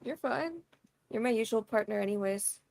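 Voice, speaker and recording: A woman's voice: a little high, lively intonation, moderate pace, creaky, darkish tone, no room sound. A woman voicing a blunt, loyal young student who speaks in a matter-of-fact, reassuring way.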